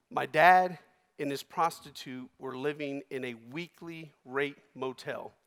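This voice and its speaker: A man giving a keynote speech, telling a personal story with emotion, his voice swinging between loud and hushed. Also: fairly high pitch. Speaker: keynote speaker. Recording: long reverb of a large hall.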